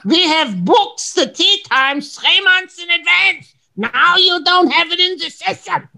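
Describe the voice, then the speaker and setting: A man's voice: very high voice, expressive, unhurried, vocal fry, sharp tone, voice pushed up, exaggerated voice. A man playing a haughty, pompous German executive who speaks with a German accent in a clipped, self-important way. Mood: indignant.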